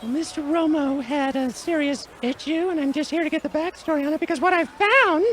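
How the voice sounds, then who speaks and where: A woman playing a self-important TV news reporter in an improv radio sketch, talking fast and briskly. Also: high voice, slight background noise, close to an everyday voice, rough recording. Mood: newsy.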